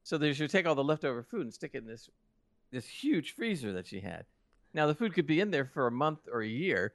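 Guy on a podcast, super animated voice, dry close sound. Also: medium pitch, a little fast, no room sound. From United States. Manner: animated storyteller, laughs while telling. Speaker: podcast co-host. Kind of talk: casual chat.

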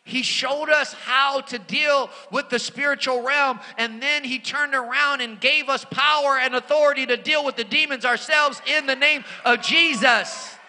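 A male preacher with a very high, piercingly bright voice delivers an animated sermon, dropping to near-whispers and then rising to shouts. His words ring out with a long reverb, as in a big church sanctuary. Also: measured pace, few pauses. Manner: animated, swings from hushed to shouting. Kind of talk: sermon with personal storytelling. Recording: long reverb of a large hall.

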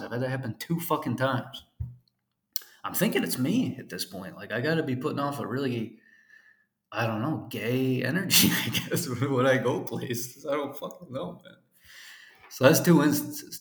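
A man's voice: medium pitch, roomy sound. A man in his twenties telling a story in a casual, profane rant, full of fillers. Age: 20s. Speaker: podcast host.

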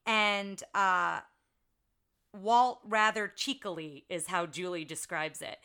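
Woman, podcast co-host, casual chat, bright clear tone, rambling storyteller. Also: mid-range voice, slow. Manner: chatty storytelling with fillers. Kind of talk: casual film-trivia chat.

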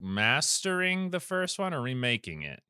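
A man's voice: mid-range voice, sing-song, moderate pace, bright, forceful tone, clean tone, no echo, clean studio sound. A young man co-hosting a podcast, joking and self-mocking, often trailing off into mumbles. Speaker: podcast co-host. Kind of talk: casual chat.

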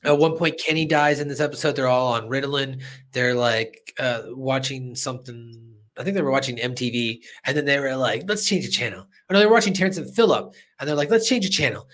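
A man's voice: medium pitch, brisk, fairly bright tone. A man hosting a podcast, casually recapping an episode, chatty and laughing as he acts out lines. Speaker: podcast host.

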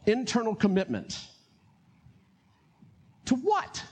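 A man with a North Carolina accent preaching a sermon as pastor, animated, laughing often and acting out voices. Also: high-pitched, takes it slowly, husky.

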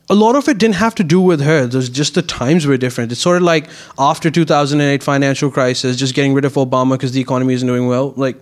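A man with a slightly high voice chats on a comedy podcast. He explains at length, stopping and restarting as he goes, in a relaxed, casual way. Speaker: podcast co-host.

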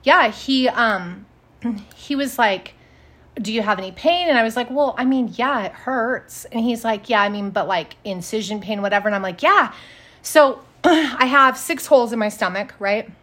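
A woman co-hosting a podcast tells stories in casual chat, her voice on the high side at a moderate pace. She's an animated storyteller who acts out quotes.

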